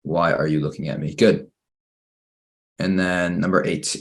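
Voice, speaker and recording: A man teaching an online English grammar lesson for children, patiently reading exercises slowly and praising each answer. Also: deep voice, fairly even intonation.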